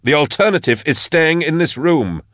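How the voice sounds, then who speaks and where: A man doing a desperate young man shouting orders. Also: on the high side, lively intonation, normal speed, no echo, studio quality, voice pushed up. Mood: urgent. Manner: breathless urgent shouting.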